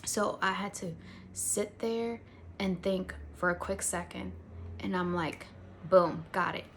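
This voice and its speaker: A young woman talks straight to the camera in a relaxed, chatty way, with a voice of ordinary pitch for a woman. She tells an everyday story and fills it with casual asides. A faint hiss sits under her voice. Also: slow. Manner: conversational, many "like" fillers, acts out quotes. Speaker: faith vlogger.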